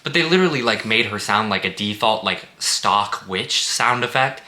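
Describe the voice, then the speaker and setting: Man, casual movie review, sarcastic, swears a lot, very sharp tone, roomy echo. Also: lowish voice, animated, normal speed. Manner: blunt, sarcastic, swears freely. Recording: echoey room.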